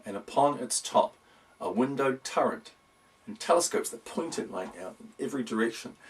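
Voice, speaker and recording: Animated and at normal speed, a mid-range male voice narrates a whimsical storybook with wry playfulness. The reader sits far from the mic.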